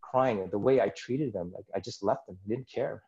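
Low-voiced man telling a personal story. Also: brisk, mellow, muffled recording. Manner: earnest, acts out his own inner dialogue. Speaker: podcast guest.

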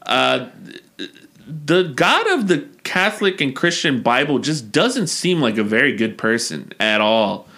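A man's voice: medium pitch, big pitch swings, unhurried, bright, forceful tone. A man co-hosting a casual movie-review chat who talks bluntly and profanely in long rambling runs. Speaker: podcast co-host.

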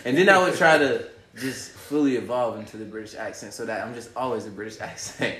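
A man in a casual group chat, animated and teasing, laughing as he talks. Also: medium pitch, brisk, roomy sound, crowd noise.

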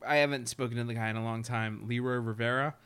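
A man co-hosting a casual chat, joking fast and crude and laughing often. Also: medium pitch, fairly even intonation, a bit bright, smooth. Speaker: podcast co-host.

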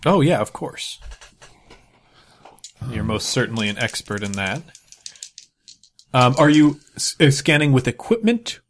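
A man's voice: mid-range voice, animated, unhurried, pauses often, a little hiss or hum. A man running a tabletop game as game master, rambling with many fillers.

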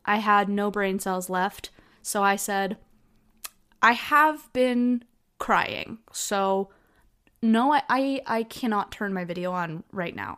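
Chatty young woman podcast host. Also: mid-range voice. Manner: chatty, storytelling with lots of "like". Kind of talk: casual solo chat.

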